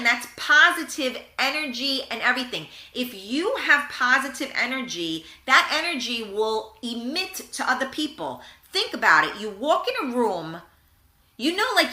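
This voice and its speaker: A woman's voice: on the high side, echoey room. A woman hosting a live internet radio show, talking frankly and with animation about positive thinking and reading out listener comments. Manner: frank, animated, acts out little scenes. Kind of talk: live motivational talk, reading viewer comments.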